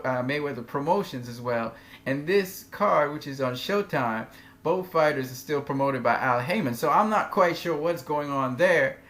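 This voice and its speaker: Guy doing a chill boxing recap, talks his opinions, slows down on names. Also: mid-range voice, a bit bright. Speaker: boxing commentator. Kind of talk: casual fight recap.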